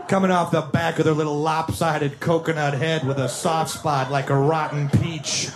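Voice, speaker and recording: A man's voice: a little high, level tone, normal speed, music in the background. A man doing a stand-up comedy set, rattling off mocking riffs and long lists. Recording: live club with crowd and noise.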